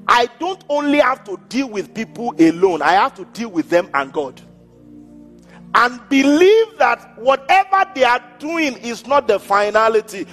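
A man delivers a sermon with a high, lively voice that leaps up and down as he acts out the people in his stories. He laughs between his points. The hall rings with a long reverb, and faint music sits underneath. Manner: animated preaching, acting out quoted people, laughing between points. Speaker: pastor. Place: church hall.

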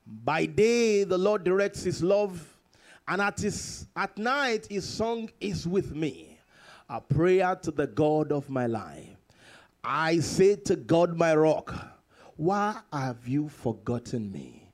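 A man preaching a sermon with a high voice that leaps all over the place. He reads scripture slowly and emphatically, then swings from loud exclamations to hushed, drawn-out lines, as a pastor does in church. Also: very animated. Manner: slow, emphatic scripture reading.

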